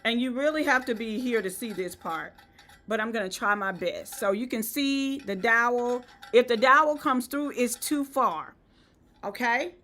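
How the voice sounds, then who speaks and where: Woman, Southern US accent, host of a live craft demo; high, bright, patient and instructive. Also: normal speed. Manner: step-by-step instructive, checks in with "okay?". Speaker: event decor host. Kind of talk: live-stream how-to demo.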